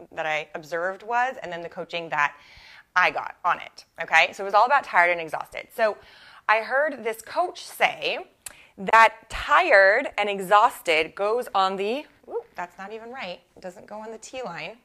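A bright-toned young adult woman talks through a coaching lesson in a loose, conversational way. She is animated and chatty, sprinkles in "like," and corrects herself mid-sentence as she goes. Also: medium pitch, measured pace. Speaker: life coach and podcast host. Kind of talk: casual solo podcast teaching.

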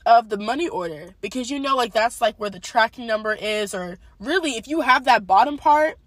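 A young woman telling a personal faith testimony in a casual, animated storytelling way, talking straight to her viewers. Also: on the high side, a little fast, no echo. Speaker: testimony speaker.

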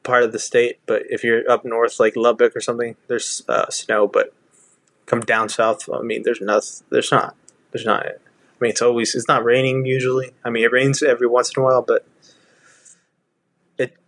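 Southern man, halting and rambling in casual talk, dry recording. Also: medium pitch, little pitch movement, a bit bright, no room sound. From Texas. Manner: rambling, many restarts and fillers. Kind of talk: casual chat.

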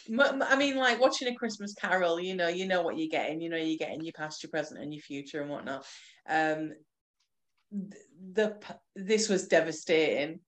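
Chatty woman film podcaster. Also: on the low side. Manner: chatty, animated retelling, frequent restarts. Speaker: podcast co-host. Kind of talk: casual chat.

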